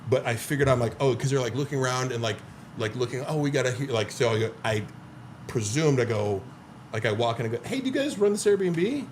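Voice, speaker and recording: A man's voice: medium pitch, quick pace. Male podcast guest, mid-range voice, loose filler-heavy storytelling with voiced-out quotes; faint noise underneath. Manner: animated storyteller, filler-heavy, swears often, acts out quotes. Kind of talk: casual chat.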